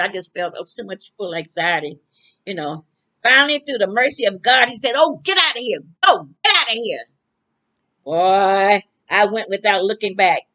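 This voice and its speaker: Older woman, mid-pitched, casual rambling storyteller who repeats lines; muffled lo-fi audio. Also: fairly bright tone. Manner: rambling, repeats phrases, restarts often. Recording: dull lo-fi recording.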